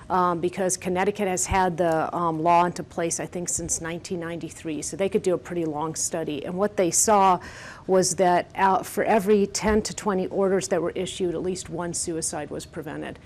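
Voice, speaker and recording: A woman's voice: fairly low pitch, fairly even intonation, fairly quick, a little mellow, slight background noise. A woman advocating in a panel debate, arguing earnestly and firmly. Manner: earnest, firm, persuasive. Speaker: gun-safety advocate.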